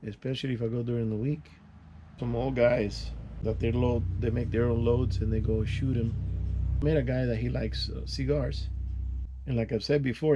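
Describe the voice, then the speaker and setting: An older man talks in a relaxed, mellow tone, drifting from one story to the next as he works with his hands. His delivery is folksy and unpolished, full of restarts and sound words like "boom.". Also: slight background noise. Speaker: channel host. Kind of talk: casual vlog storytelling while working.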